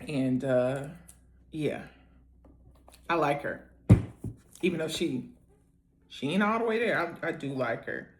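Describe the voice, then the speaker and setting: A woman's voice: deep voice, slow, long pauses. A woman hosting a makeup storytime vlog, giving wry, chatty reaction commentary. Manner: chatty, wry asides with laughter.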